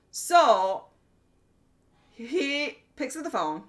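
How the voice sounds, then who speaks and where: A woman streamer telling a workplace story in casual chat, animated and profane, often exasperated. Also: fairly high pitch, drawn-out words, pauses often.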